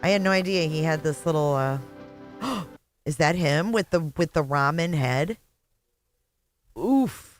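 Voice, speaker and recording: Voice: mid-range voice, a little slow, long pauses, soft background music. A middle-aged host from Indiana giving live reaction commentary on a stream, blunt, profane and sarcastic. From Indiana, USA. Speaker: channel host.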